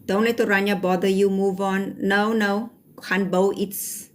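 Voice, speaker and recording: South African woman host, brisk and scolding, live-chat streamer. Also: mid-range voice, flat delivery. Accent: South African (Cape Town). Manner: firm, scolding, mixes Afrikaans phrases. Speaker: livestream host.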